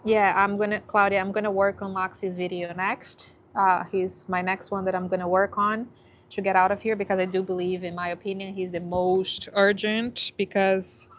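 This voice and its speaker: An emotional woman chats casually on a phone livestream from an animal shelter, laughing often and lifting into gentle baby talk with the dogs. Her voice sits at a middling pitch, and a faint hiss of background noise runs under the recording. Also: flat delivery, moderate pace. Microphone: handheld phone.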